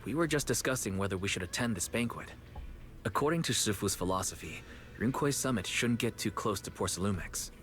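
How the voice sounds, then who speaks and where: An actor playing a polite, thoughtful junior disciple in a game. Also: male voice, fairly low pitch, animated, fairly quick, a bit bright. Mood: earnest. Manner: polite, reasoned. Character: earnest young male junior disciple, thoughtful. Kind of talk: game voice acting.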